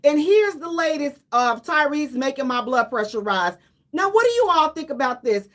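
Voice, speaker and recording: A woman radio host with a high voice talks at a moderate pace. Her commentary is casual and animated, emphatic and full of repetition for effect, with laughter between lines.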